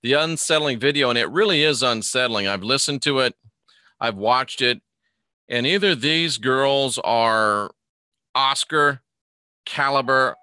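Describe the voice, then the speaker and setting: A man's voice: medium pitch, bright, forceful tone, clean tone, no echo, clean studio sound. A man hosting a live online show in a casual, rambling way, reading a news article aloud, commenting on it and greeting chat viewers by name.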